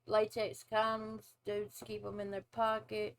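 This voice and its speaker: A woman's voice: mid-range voice, monotone, vocal fry, poor audio. A woman in her forties, a former nurse, hosting a casual reaction video and giving her opinions bluntly. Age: 40s. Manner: blunt, opinionated, drawn-out asides.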